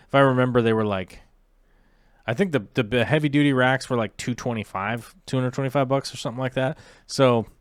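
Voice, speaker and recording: A man's voice: mid-range voice, no room sound. Rambling casual man on a dry close mic. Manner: rambling, many fillers and restarts. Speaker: aquarium livestream host. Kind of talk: casual livestream chat.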